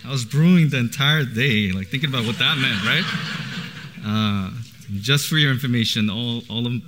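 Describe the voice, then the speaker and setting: A man's voice: mid-range voice, moderate pace, noisy background. A man in his thirties preaching in church, casual and chatty, with a lot of laughter. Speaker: pastor. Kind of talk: sermon with personal stories.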